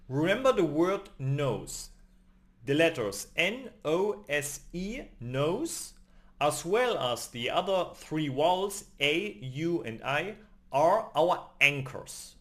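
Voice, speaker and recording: A male language teacher delivers a scripted lesson at an unhurried, deliberate pace. His voice sits a little high and swings widely in pitch as he leans on each example word. The tone is that of a patient, emphatic tutor. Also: a bit bright.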